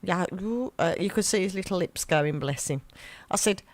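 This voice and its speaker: A woman's voice: lowish voice, moderate pace, dry recording. A woman with a Birmingham accent hosting a local radio show, telling stories and acting out voices. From Birmingham area, England. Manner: animated storyteller, acts out voices in quotes. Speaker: radio host. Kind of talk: chatty local radio anecdote.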